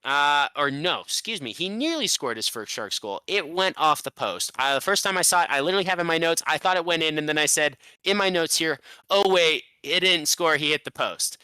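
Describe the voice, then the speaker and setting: A man co-hosting a casual sports podcast, recapping a game in animated rants with some swearing. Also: fairly high pitch, a little fast, hardly any pauses, smooth, dry recording. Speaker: podcast co-host.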